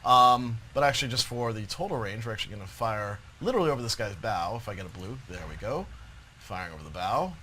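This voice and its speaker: A man's voice: fairly low pitch, animated, quick pace, bright, forceful tone, a little hiss or hum. A man hosting a live stream, chatting and explaining game features as he plays. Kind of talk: live gameplay demonstration.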